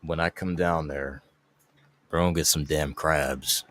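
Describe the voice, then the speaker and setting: A man's voice: very deep voice, fairly even intonation, a little slow, a bit bright, no room sound. A man making wisecracks in casual live-stream banter.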